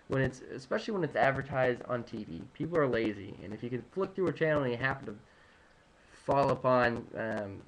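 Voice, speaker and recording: A man's voice: medium pitch, low-quality recording. A man giving an informal talk on food trends, rambling through figures with many fillers, restarts and joking asides. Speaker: nutrition presenter. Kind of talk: casual informal lecture. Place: home room at sunrise.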